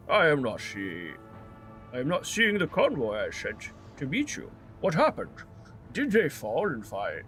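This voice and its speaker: A man's voice: fairly high pitch, fairly bright tone, pitched above the performer's own voice, full character voice. A man voicing a curt, posh male military governor while reading game dialogue aloud.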